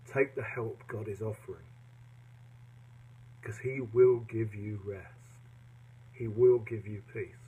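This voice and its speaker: A man speaks in a gentle, earnest way, offering personal devotional encouragement to listeners. His voice sits low and has a slightly husky grain. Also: steady tone, slow, long pauses, poor audio. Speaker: devotional podcaster.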